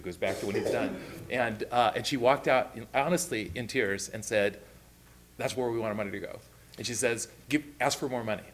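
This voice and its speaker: A man's voice: medium pitch, fast. A man telling an enthusiastic story at a school board meeting, acting out what people said. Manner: enthusiastic, acts out quotes in voices. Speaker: school program presenter.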